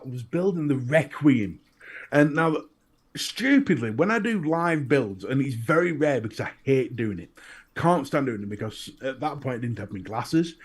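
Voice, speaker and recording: A man with a Northern English accent, co-hosting a casual chat and telling animated stories with plenty of swearing. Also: medium pitch, breathy edge. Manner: animated storyteller, swears freely. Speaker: podcast co-host.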